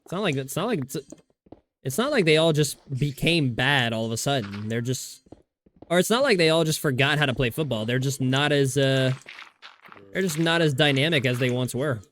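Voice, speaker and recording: A man's voice: medium pitch, expressive, moderate pace, a bit bright, a little hiss or hum. A man livestreaming a survival game, chatting casually in a rambling, profane way and laughing often. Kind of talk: casual gaming stream chat.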